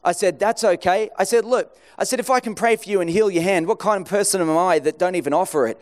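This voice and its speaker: A man with a fairly high voice delivers a sermon in a conversational storytelling way. He acts out the dialogue from his anecdotes, his pitch rising and dropping as he switches between the people in the story. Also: quick pace. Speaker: preacher.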